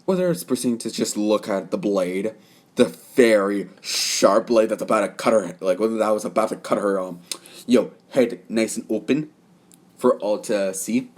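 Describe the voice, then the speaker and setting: A man's voice: lowish voice, moderate pace, darkish tone. A young man narrating a fan story off the cuff, rambling with many fillers and self-corrections.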